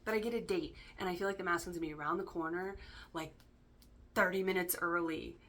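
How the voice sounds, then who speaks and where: Bright, chatty woman tarot reader. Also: on the low side, fairly even intonation, fast talker, a little hiss or hum. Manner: chatty, filler-heavy, casually profane, keeps asking "right?". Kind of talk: casual spoken tarot reading.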